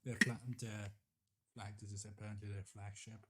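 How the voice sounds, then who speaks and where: A man's voice: lowish voice, flat delivery, moderate pace, bright, forceful tone. A man hosting a casual livestream at home on a desktop USB microphone, chatty and a little apologetic about the sound. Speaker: livestream host.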